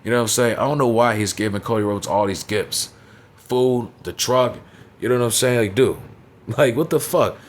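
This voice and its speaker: A man's voice: mid-range voice, moderate pace, slight background noise. A young man giving a blunt, profanity-heavy recap of a wrestling show, often tossing in "you know what I'm saying". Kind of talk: casual profane recap commentary.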